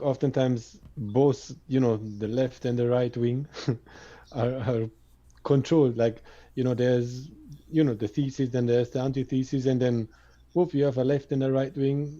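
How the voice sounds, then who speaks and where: Male panelist, mellow dark tone, muffled lo-fi call audio. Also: mid-range voice. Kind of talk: casual panel chat. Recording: dull lo-fi sound.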